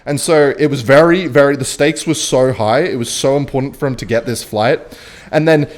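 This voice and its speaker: Speaking at a moderate pace in a mid-range voice, this young Western Australian streamer plays a game while rambling through a swear-laden story. Now and then he quietly mutters about the moves he's making.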